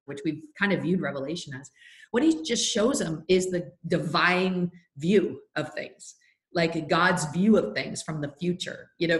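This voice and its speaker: A middle-aged woman speaking as a podcast guest, earnest and heartfelt, telling stories with plenty of "like" and "you know". Her voice sits a little low, and it rings with a noticeable roomy echo. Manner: earnest, heartfelt, with many fillers. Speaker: guest, faith leader and anti-trafficking advocate. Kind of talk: podcast interview, storytelling.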